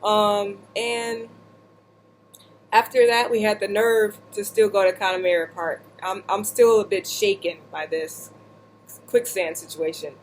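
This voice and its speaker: Woman telling a story, animated and joking. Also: mid-range voice, a little slow, a little hiss or hum, low-quality recording. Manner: animated, joking, with many fillers and asides. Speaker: vlogger. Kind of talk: casual storytelling. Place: seated indoors.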